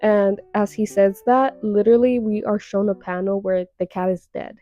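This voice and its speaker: A woman's voice: mid-range voice, fairly even intonation, moderate pace, dark tone, dull audio, soft background music. A young woman casually recapping a webtoon, chatty and full of fillers with dramatic little reactions.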